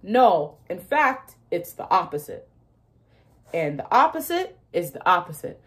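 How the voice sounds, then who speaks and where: A woman's voice: on the low side, big pitch swings, unhurried. Chatty young woman explaining with emphasis. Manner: chatty and emphatic, laughs often, acts out inner voices. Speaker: manifestation content creator. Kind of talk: casual explainer monologue.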